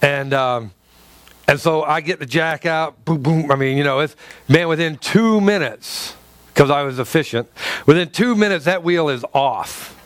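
A man preaching a sermon through a personal story, halting and stumbling over repeated words, and acting out the dialogue. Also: on the high side, smooth, no room sound. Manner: acts out quoted dialogue in his stories.

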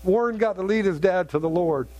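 A middle-aged man preaching a sermon, telling a story in an earnest, halting way with many restarts. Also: sits high, darkish tone. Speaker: pastor.

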